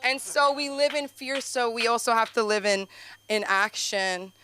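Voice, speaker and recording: A young woman doing an open mic stand-up set, rambling and chatty with lots of fillers, sometimes jumping into high excited bursts. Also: moderate pace, slight background noise. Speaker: stand-up comedian. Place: comedy club stage.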